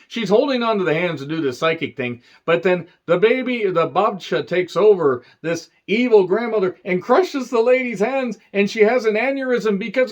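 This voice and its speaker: A man's voice: sits high, animated, moderate pace, few pauses. Man, sarcastic movie rant, rambling asides, bouncy intonation, muffled lo-fi sound. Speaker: movie reviewer. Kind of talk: ranting movie review.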